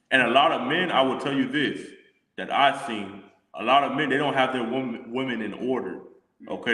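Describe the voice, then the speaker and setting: A man leading a casual religious discussion, reading scripture slowly and deliberately. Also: mid-range voice, sharp tone. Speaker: scripture teacher. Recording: echoey room with long reverb.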